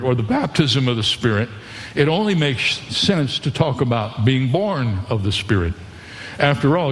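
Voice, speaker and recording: A man's voice: mid-range voice, big-room sound. Earnest male radio preacher. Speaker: pastor. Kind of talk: radio sermon.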